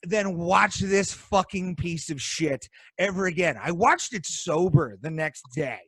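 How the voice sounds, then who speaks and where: Brief: male podcast co-host, furious cursing rant, unhurried, high lively voice, dry video-call sound. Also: slightly rough, no echo. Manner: angry profane rant. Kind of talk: casual podcast chat.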